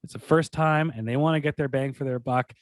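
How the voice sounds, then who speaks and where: A mid-pitched man talks sports on a podcast, sounding dry and close to the microphone. He rambles through long stories with plenty of restarts and keeps the delivery animated. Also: brisk, no room sound. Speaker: podcast co-host. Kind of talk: casual sports talk.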